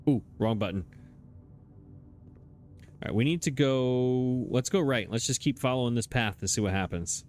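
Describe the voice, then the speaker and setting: A man's voice: mid-range voice, lively intonation, a little slow, long pauses, a little mellow, soft background music. A man hosting a let's play, talking casually into his desk microphone as he thinks aloud, hesitating and chuckling at himself. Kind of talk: casual gameplay commentary.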